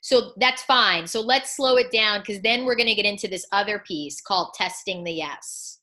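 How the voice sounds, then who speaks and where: A woman coaching live on a video call, acting out client conversations in an animated way. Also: medium pitch, moderate pace. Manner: animated, acts out dialogue. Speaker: coaching school founder.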